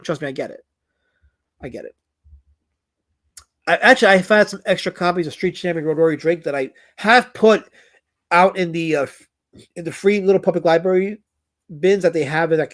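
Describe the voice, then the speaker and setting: A man streaming live as a comic creator, reading out chat comments in a rambling way that is full of stuttered repeats. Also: sits high.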